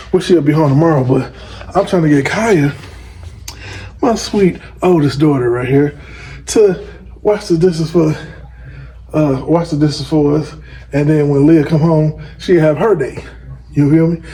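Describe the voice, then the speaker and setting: A middle-aged father casually vlogging to camera in a small home basement, rambling and talking straight to his viewers, filmed on a phone. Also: a little high. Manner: loose, rambling, chatty, addresses viewers directly. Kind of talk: casual vlog chat to camera. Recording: echoey basement with loud background noise.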